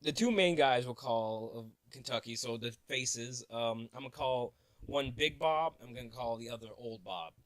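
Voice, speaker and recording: A young man rambles through a story in a casual vlog, animated and quick to joke and laugh at himself. His voice sits at a middling pitch, and the recording is dry and close with no room sound. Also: dry recording. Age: 20s. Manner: animated, joking, laughing at his own asides. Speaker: vlogger.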